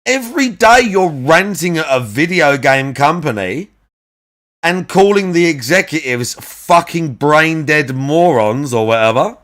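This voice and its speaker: A man's voice: fairly high pitch, expressive, measured pace, fairly bright tone. A man mocking a clip in a reaction commentary, sarcastic, swearing and laughing often.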